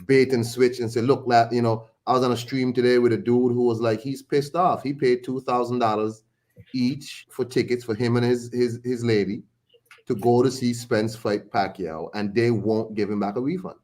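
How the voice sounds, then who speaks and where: A man's voice: mid-range voice, fairly even intonation, normal speed, a little mellow. A man co-hosting a casual boxing podcast, often stumbling and repeating words as he talks.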